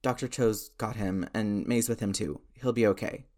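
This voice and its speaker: A man voicing a dry, deadpan teenage girl with a raspy voice in a story reading. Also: lowish voice, moderate pace, close to an everyday voice. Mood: flat.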